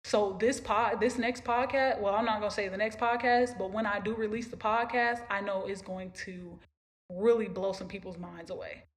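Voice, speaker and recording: A young podcast host rambles emotionally through a long story, repeating herself along the way in a casual monologue. She speaks at a moderate pace in a medium-pitched voice with a steady tone.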